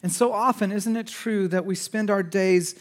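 Male pastor, higher voice, sermon delivery with big swings from urgent to hushed. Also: fairly even intonation, moderate pace. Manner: swings between urgent raised passages and hushed, quiet asides; conversational, with fillers and restarts.

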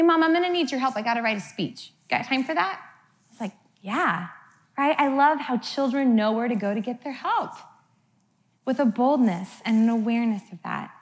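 Chatty middle-aged woman preaching. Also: on the high side. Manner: chatty, keeps asking "right?" of the crowd; acts out her kids' voices playfully. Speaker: church speaker. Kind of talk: conversational sermon.

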